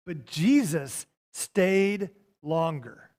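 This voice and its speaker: A man with a notably high voice preaches a sermon. He leans into phrases and repeats them for emphasis, then quiets down when he quotes scripture. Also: very slow. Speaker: pastor.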